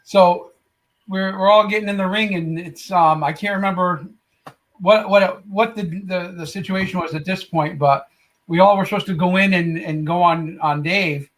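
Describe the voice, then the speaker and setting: Higher-pitched man, halting fond recollection. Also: steady tone, a bit bright, low-quality recording. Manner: halting storyteller with many fillers. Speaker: guest. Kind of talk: casual chat.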